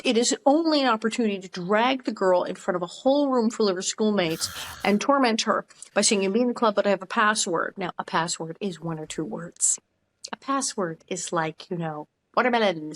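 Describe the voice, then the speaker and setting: An older woman co-hosts a casual podcast chat. She tells stories with animation and slips into the voices of the people she quotes. Her pitch sits in the middle range. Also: normal speed, a little hiss or hum. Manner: animated storytelling, acting out quotes. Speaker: podcast co-host. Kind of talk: casual chat recapping a TV episode.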